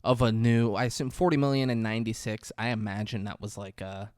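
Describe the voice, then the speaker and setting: A man co-hosting a casual movie podcast, retelling scenes with lively acted-out voices. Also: on the low side, clear, resonant tone, dry recording, clean studio sound. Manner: animated storyteller, acts out movie scenes in quick voices. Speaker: podcast co-host. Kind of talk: casual movie recap chat.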